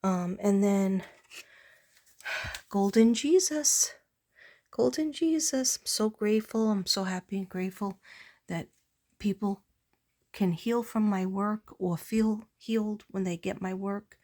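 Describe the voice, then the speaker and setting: A woman artist showing her work in a casual late-night vlog chat, meandering with many pauses and fillers, sounding tired. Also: medium pitch, little pitch movement, a little mellow.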